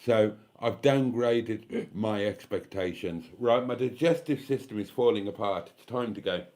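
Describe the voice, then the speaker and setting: British bloke in his 50s chatting on a livestream, kinda low voice, sounds knackered and a bit tipsy. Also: measured pace, a little mellow. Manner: chatty, swearing, self-deprecating. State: tired and tipsy. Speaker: vlogger hosting a live stream. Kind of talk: casual live chat reading comments.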